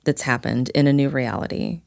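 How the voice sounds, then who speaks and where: Woman podcast host and coach, very deep voice, thoughtful, dry close sound. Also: a little fast, creaky, a little mellow, no echo. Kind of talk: casual conversation.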